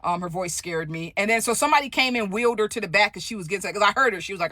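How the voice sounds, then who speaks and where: A woman telling a story in a casual vlog, animated and profane, often asking "right?". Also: medium pitch, rapid-fire, no room sound, clean studio sound.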